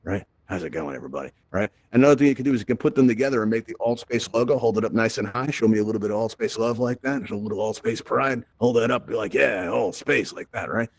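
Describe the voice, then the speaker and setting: A man leads a live virtual reality lesson, talking quickly and tossing in "right?" after nearly every step. His tone is upbeat and chatty, and his mid-range voice sits close to the mic with a dry sound. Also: medium pitch, fairly even intonation, a little mellow, no echo. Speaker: host. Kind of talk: live tutorial to a virtual audience.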